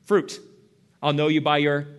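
A young man preaching a sermon as a pastor, animated and jokey, often asking the congregation questions. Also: fairly high pitch, unhurried, clear, resonant tone.

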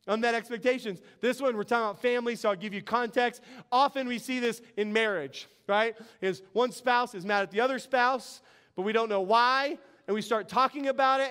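A middle-aged man delivers a sermon in a very high, smooth and clear voice. He preaches earnestly, with a conversational, storytelling manner. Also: a bit bright. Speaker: pastor.

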